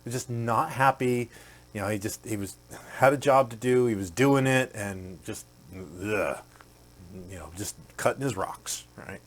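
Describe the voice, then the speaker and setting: A man's voice: lowish voice, measured pace. A man hosting a podcast, telling a motivational story in a conversational way with many fillers and acting out the quoted characters. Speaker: podcast host.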